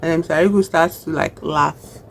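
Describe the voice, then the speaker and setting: Nigerian-accented vlogger, mid-pitched, chatty and animated recap, faint background hiss. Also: moderate pace, gravelly. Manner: chatty and animated, acts out characters' lines. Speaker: film reviewer. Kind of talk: casual film recap.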